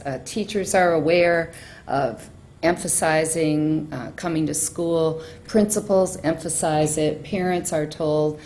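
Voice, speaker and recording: Low-voiced woman giving public comment. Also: darkish tone, a little hiss or hum. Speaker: public speaker at meeting. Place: school board meeting room.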